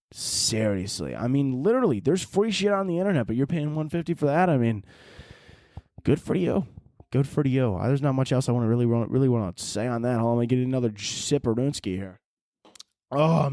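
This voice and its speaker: Recorded at studio quality with no echo, a medium-pitched young man hosts a podcast. He rants casually in an animated, profane, rambling way, full of swearing and restarts.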